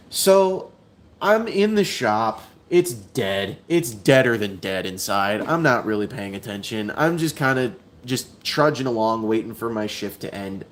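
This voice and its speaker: A man telling a long story while unboxing a toy, rambling, repeating himself and using lots of fillers. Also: mid-range voice.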